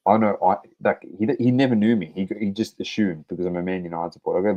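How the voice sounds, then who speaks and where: Male podcast co-host, low warm voice, blunt swearing football banter. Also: quick pace, hardly any pauses, muffled recording. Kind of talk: casual sports chat.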